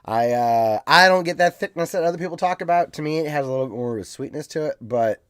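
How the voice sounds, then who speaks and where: Male co-host, relaxed teasing chatter, lively pitch, dry booth sound. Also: fast talker, clean tone, no room sound. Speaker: podcast co-host. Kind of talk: casual chat about video games.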